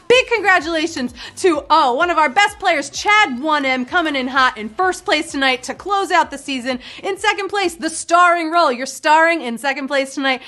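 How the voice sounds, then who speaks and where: A woman's voice: very high voice, bright, forceful tone. A woman hosting a live game show, playful and jokey, hyping up the winners and teasing the players.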